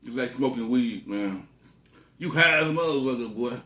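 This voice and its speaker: A man's voice: mid-range voice, animated, moderate pace, sharp tone. A man telling a story in a laid-back, slangy drawl while eating, dropping frequent exclamations. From Texas. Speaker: vlogger. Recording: roomy echo.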